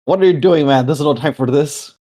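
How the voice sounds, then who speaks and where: A man's voice: medium pitch, fairly even intonation, a little fast, dark tone, close to an everyday voice. A man voicing a blunt, commanding male companion who gives short orders. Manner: brusque, commanding.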